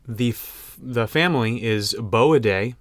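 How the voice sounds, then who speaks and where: A man's voice: medium pitch, slow, no room sound. A young man co-hosting a podcast in casual chat, joking and rambling with frequent laughs. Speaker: podcast co-host.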